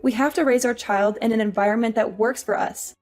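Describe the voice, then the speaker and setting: An actress playing an exhausted young working wife, weary and pleading. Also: female voice, fairly high pitch, steady tone, a little fast, a little mellow, soft background music, natural voice. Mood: upset. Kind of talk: audio drama acting.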